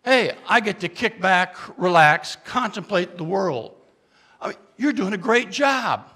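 A man telling a dramatic story as a keynote speaker to an audience. He asks the listeners questions and moves from loud, urgent bursts to hushed, confessional lines. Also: high-pitched, expressive, measured pace, slightly rough, long reverb tail.

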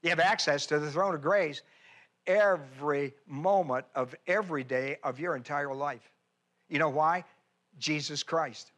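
A man's voice: fairly high pitch, unhurried, fairly bright tone. A man preaching a sermon as pastor, folksy and emphatic, with chatty asides and repeated phrases. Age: older.

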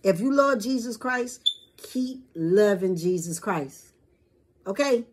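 A woman's voice: mid-range voice, lively intonation, slow, slight background noise. A woman vlogger giving a rambling, profane opinion rant to camera in casual street slang.

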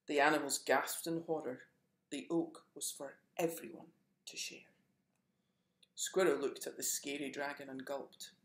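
A storyteller reading a children's picture book aloud in a gentle, expressive way. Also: medium pitch, measured pace, roomy sound.

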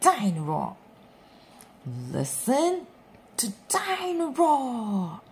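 A woman's voice: a little high, huge pitch swings, drawn-out words, soft background music, pitched above the performer's own voice, exaggerated voice. A woman voicing a brash singing toy dinosaur that chants and roars in a storybook reading. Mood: roaring chant. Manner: chanting, roaring.

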